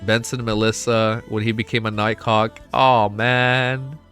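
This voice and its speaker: A young man streaming a casual reaction, excitable and swearing often, laughing between remarks. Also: fairly low pitch, a little slow, soft background music. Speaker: streamer reacting to a web novel. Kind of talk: casual live reaction chat.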